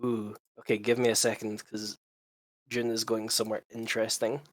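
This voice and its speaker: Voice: mid-range voice, little pitch movement, normal speed, no echo. Game master narrating rules and scenes. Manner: explanatory, with frequent fillers.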